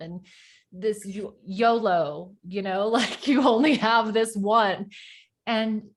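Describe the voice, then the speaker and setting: A woman being interviewed as a guest, speaking reflectively and often pausing to search for the right words. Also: mid-range voice, husky. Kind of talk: conversational interview.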